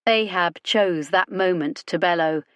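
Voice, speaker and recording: Narrator: woman, lowish voice, wry even delivery, dry close recording. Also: measured pace, smooth, no echo. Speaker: audiobook narrator. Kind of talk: scripted narration.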